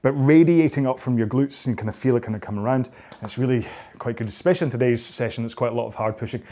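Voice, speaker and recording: A man's voice: mid-range voice, fast, dark tone. Middle-aged guy coaching stretches after a row, chatty, jokes at his own expense, wanders off topic a lot. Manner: chatty, self-mocking, rambling asides. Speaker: rowing coach. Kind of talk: follow-along workout instruction.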